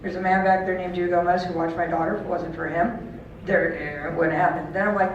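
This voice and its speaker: A woman's voice: fairly low pitch, fairly even intonation, brisk. A woman in her thirties giving a heartfelt personal story to an audience at a charity event, acting out the voices of people she quotes. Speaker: speaker at a charity auction. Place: large event hall. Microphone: handheld camera far from the stage. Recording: distant, dull and very echoey with faint room noise.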